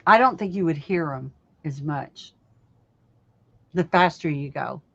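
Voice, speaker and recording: A woman's voice: sits low, lively intonation, measured pace, gravelly, a bit bright, dry recording. A woman co-hosting a live stream, chatting casually and laughing often as she tells stories. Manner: storytelling, laughs often, acts out voices in retelling. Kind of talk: casual chat. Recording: dull lo-fi stream audio.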